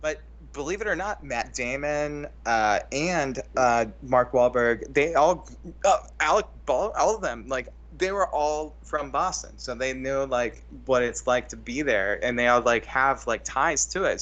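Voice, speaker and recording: A man's voice: mid-range voice, fairly bright tone. A man co-hosting a casual film breakdown chat, rambling and restarting his sentences often. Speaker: co-host.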